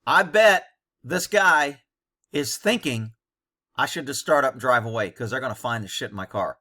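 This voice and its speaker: Blunt, cynical ex-cop man, bright voice. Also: mid-range voice, lively intonation, moderate pace. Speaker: former police officer commentator. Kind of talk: commentary over bodycam footage.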